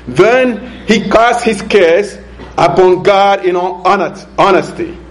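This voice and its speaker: A man preaching a sermon, slow and deliberate, drawing out key words for emphasis and chuckling now and then. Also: sits high, rough recording.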